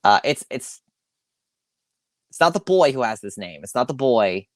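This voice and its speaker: Male podcast host, solo rant; loose, profane, self-interrupting delivery, mid pitch, dead-dry recording. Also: sing-song, moderate pace, no room sound. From Long Island, New York. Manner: rambling, swearing, self-correcting, with sighs.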